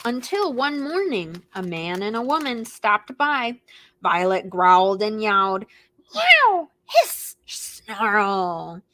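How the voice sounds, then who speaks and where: A woman librarian reading picture books aloud to preschoolers in an animated, expressive way, gasping and making animal noises. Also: medium pitch, a little slow. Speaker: children's librarian hosting storytime.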